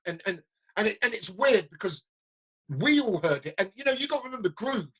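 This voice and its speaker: A man's voice: high voice, fairly quick, breathy edge, poor audio. A middle-aged man, telling stories in a casual chat and acting out what people said, often repeating his words. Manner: lively storyteller, acts out quotes, repeats himself. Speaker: interviewer, DJ. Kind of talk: casual conversation.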